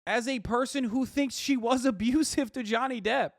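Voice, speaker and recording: A man's voice: very high voice, moderate pace, no echo, studio quality. A man streaming live, reacting to clips and answering chat in a heated, profane rant. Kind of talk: livestream reaction commentary.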